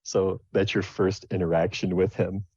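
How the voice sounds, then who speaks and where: Low-voiced rambling game master. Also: male voice, level tone, moderate pace, mellow, husky, no room sound. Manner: rambling, many restarts and fillers. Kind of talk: narrating a tabletop game. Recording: dull lo-fi dry recording.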